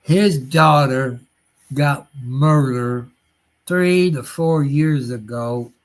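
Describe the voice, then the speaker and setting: A man's voice: medium pitch, very slow. A man hosting a casual livestream chat, folksy and drawn out, chuckling now and then. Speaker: livestream host.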